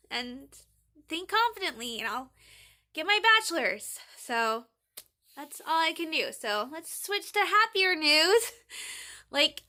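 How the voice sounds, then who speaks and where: A woman's voice: sits high, pushed and bright. A young woman in a casual diary vlog, rambling and chatty as she retells conversations. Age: young adult. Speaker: college student vlogger.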